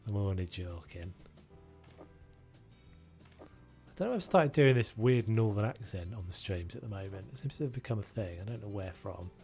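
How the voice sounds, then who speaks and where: A man's voice: fairly low pitch, expressive, a little fast, creaky, a little mellow, faint music behind. A man chatting casually to his viewers as he plays, rambling from one thought to the next. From United Kingdom. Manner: rambling and chatty, talking to chat while he plays. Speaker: streamer. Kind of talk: casual gaming livestream commentary.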